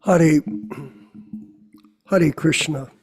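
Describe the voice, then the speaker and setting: A man's voice: fairly high pitch, drawn-out words, a crowd in the background. A man hosting a devotional scripture class, preaching with scolding rhetorical questions.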